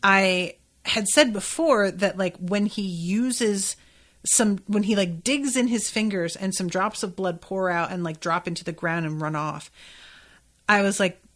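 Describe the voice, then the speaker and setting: A woman's voice: mid-range voice, unhurried, a bit bright. Chatty woman recapping an episode. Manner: chatty, rambling, many filler likes. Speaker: podcast host.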